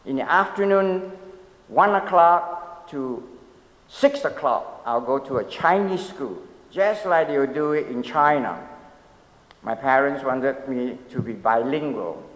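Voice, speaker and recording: A man's voice: mid-range voice, a little slow. A man in his seventies, a pastor giving a conversational sermon, telling stories and asking the audience questions with light humor. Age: 70s. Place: church sanctuary. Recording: long echoey church reverb.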